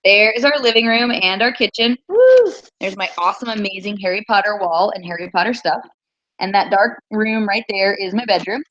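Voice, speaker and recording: A woman teacher hosting a casual quiz livestream from her small home, chatty and repeating things slowly. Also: medium pitch, steady tone, a bit bright, highs cut off, a little hiss or hum.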